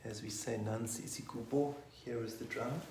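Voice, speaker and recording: A man and sangoma leading a guided meditation, talking softly and gently between chants. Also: mid-range voice, fairly even intonation, vocal fry, roomy sound, background noise. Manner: soft, gentle, slow spoken guidance.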